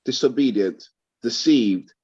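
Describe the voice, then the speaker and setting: Man, low husky voice, measured scripture reading, muffled sound. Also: warm tone. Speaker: student reading scripture aloud.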